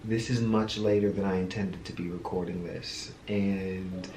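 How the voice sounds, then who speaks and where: A man's voice: sits low, fairly even intonation, measured pace, mellow. A man hosting his own show, talking casually and candidly to his viewers, a bit tired, laughing often and using slang. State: tired, low energy. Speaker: podcast host. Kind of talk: casual solo vlog talk. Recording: echoey room with audible background noise.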